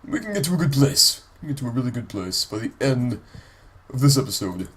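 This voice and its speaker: A man's voice: mid-range voice, sing-song, brisk, a bit bright, husky. A sick man with a congested, nasal voice gives rambling, casual gameplay commentary for his let's play, full of ums and restarts.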